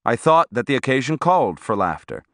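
A man narrating a first-person story in an expressive, scripted reading. His pitch moves a great deal from line to line. The recording is dry and close, with no room sound. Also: fairly quick, no echo. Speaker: audiobook narrator.

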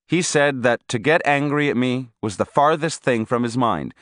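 A man's voice: medium pitch, normal speed, few pauses, a bit bright, no room sound, studio quality. A man reading a first-person story aloud as an audiobook narrator, telling it expressively.

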